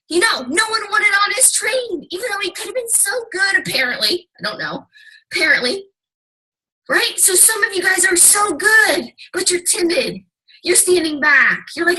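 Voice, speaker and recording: High bright fired-up woman. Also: expressive, moderate pace, poor audio. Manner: fired-up, emphatic, swears casually. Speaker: team leader. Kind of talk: motivational talk.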